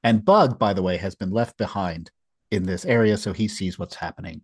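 Co-host, male, low husky voice, wry and sarcastic, recaps comics in casual chat. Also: moderate pace, no echo, clean studio sound. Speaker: podcast co-host. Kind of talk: casual comic book discussion.

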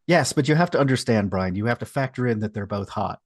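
A man's voice: mid-range voice, lively intonation, fast talker, no room sound, studio quality. A man co-hosting a casual podcast, recapping a comic with wry sarcasm. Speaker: podcast co-host. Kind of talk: casual comic book discussion.

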